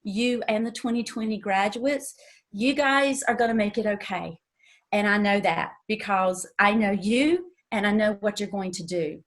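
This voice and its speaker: An older woman, a teacher with a Southern US accent, giving an emotional, halting tribute to a student and close to tears. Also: medium pitch. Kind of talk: heartfelt tribute speech.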